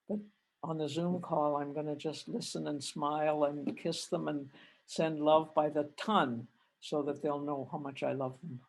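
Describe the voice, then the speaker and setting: An older Canadian woman, a religious sister, giving a gentle reflective retreat talk over a video call and telling personal stories with rising feeling. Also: low-pitched. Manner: gentle, reflective, grows animated retelling stories. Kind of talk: spiritual reflection with personal storytelling.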